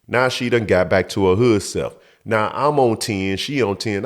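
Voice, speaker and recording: A man's voice: fairly low pitch, normal speed, hardly any pauses. A man hosting his show, telling a story from his youth in a profane, emphatic way, acting out the scene. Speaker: show host. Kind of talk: storytelling monologue.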